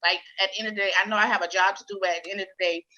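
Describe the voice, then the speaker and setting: Bright-voiced woman, dull lo-fi sound. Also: medium pitch, fairly even intonation, racing. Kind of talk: casual chat.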